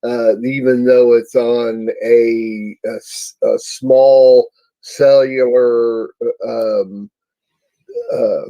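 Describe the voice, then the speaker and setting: A man co-hosting a Christian talk show, explaining slowly with many restarts and fillers. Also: medium pitch, flat delivery, dark tone, no room sound, low-quality recording. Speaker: co-host. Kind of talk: faith talk show discussion.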